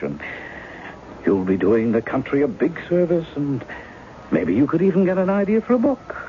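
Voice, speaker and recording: A charming, easygoing novelist in his forties who teases and jokes, his voice lowish and swinging up and down with lively inflection. It comes through a dull, lo-fi old radio broadcast, with clear music underneath the 1970s radio drama acting. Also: a little hiss or hum. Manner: teasing, easygoing, wry. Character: charming, self-mocking male novelist in disguise. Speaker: impostor posing as a woman's husband.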